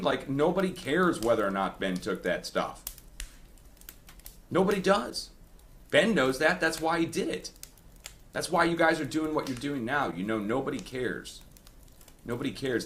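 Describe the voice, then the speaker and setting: A man's voice: mid-range voice, fairly bright tone, a little hiss or hum. A man hosting an online video, ranting indignantly to his viewers and repeating himself as he pushes back at critics. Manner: indignant, repetitive, addresses viewers as guys. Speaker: earthquake forecast video host. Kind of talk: heated personal rant to viewers.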